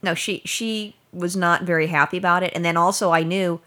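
A woman's voice: lowish voice, fairly even intonation, a little fast, fairly bright tone. A woman co-hosting a podcast, talking earnestly in casual chat and often restarting her sentences. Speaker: podcast co-host.

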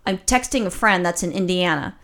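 Woman co-host, casual chat. Profane, exasperated storyteller, rambling and animated. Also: lowish voice. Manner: animated, rapid rambling with restarts. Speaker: podcast co-host.

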